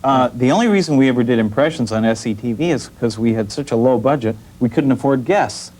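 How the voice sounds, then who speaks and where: A man's voice: mid-range voice, lively intonation, fast, darkish tone. A male comedian joking dryly in an interview. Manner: dry joking, mock outrage. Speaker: comedian guest. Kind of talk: interview chat.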